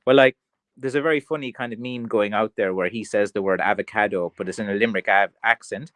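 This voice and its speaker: A man's voice: on the low side, quick pace, fairly bright tone, no room sound. Rambling Irish man, dry close sound. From Ireland. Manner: rambling and chatty, many fillers and restarts. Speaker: craft seller hosting a livestream. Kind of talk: casual livestream chat, reading viewer comments.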